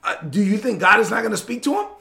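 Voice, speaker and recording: A male preacher delivers a sermon in an emphatic, repetitive cadence. His voice sits high with a gravelly fry and a bright, forceful ring. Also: expressive, quick pace.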